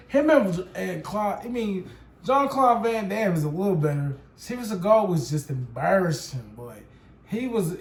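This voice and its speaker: A man hosting a reaction channel, talking in a casual, rambling, profane way full of slang and checking in with the listener. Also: sits high. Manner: slangy, rambling, profane, keeps asking "you know what I'm saying". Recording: roomy echo with faint noise.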